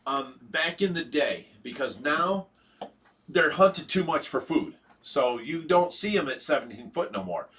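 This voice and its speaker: A man's voice: a little high, lively intonation, a little slow, a bit bright. A middle-aged man with an Ohio accent hosting a casual livestream, rambling and chuckling, with many fillers. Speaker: livestream host.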